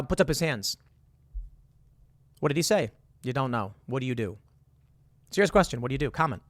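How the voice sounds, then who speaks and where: A man's voice: medium pitch, lively intonation, normal speed, pauses often, fairly bright tone, dry recording. Intense male commentator, dry close sound. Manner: talks through hypotheticals in second person, rising to emphatic bursts. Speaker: political commentary host. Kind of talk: casual commentary monologue.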